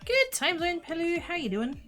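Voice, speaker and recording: A woman streaming a game, chatting casually and muttering to herself as she plays, easily excited. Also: very high-pitched, moderate pace, music in the background. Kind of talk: casual gaming livestream chat.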